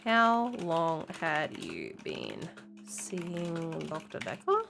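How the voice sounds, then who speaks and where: A woman streaming a video game live, commenting in an animated, reactive way, with sudden loud exclamations. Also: low voice, drawn-out words, gravelly.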